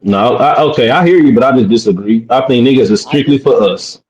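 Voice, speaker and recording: A man on a panel call explaining his view in a casual, halting way, often repeating himself. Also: medium pitch, expressive, darkish tone. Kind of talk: panel debate. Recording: dull lo-fi mic.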